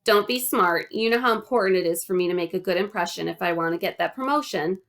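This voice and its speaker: A woman voicing a harried middle-aged father who speaks briskly and sternly for a storybook reading. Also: lowish voice, fairly bright tone.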